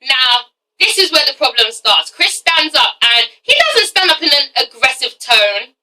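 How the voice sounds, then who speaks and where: A woman reviewing a TV episode in a casual vlog, animated and swearing freely, often breaking into laughter. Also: high-pitched, unhurried, distant mic, poor audio. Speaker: TV show reviewer.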